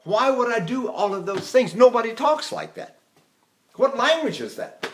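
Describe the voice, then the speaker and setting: This older vocal instructor has a very high, sing-song voice and a moderate pace. He rambles through his recorded lesson in a chatty way, sometimes breaking into short sung operatic demonstrations.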